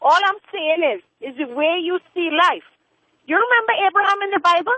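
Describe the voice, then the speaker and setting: A woman's voice: extremely high pitch, animated, a little fast, sharp tone, no room sound, heavily acted. A woman playing an outspoken, preachy churchgoer who scolds a priest in a rambling, insistent way. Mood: scolding. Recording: dull lo-fi audio.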